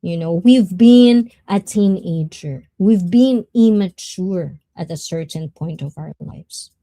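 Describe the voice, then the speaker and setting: A woman's voice: on the low side, slow pace, dark tone, no room sound. A woman hosting a livestream, chatting casually and greeting viewers in the chat. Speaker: livestream host.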